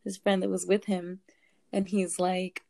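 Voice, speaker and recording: A young woman casually telling a story, animated, swearing and laughing as she goes. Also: on the low side, a little slow, vocal fry.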